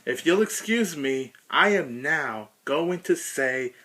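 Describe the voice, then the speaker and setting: A man's voice: a little high, lively intonation, slow pace, sharp tone. A man ranting emphatically through a frustrated cartoon episode review.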